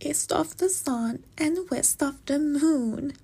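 A woman voicing Astrid, an eager, earnest young heroine in a storybook, speaking in a high, pleading voice. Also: lively intonation, slow, darkish tone, slight background noise.

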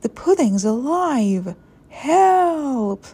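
A woman's voice: high voice, slow pace, vocal fry, darkish tone, pitched above the performer's own voice, heavily acted. A woman voicing a protective, fretful mother who cries out in alarm.

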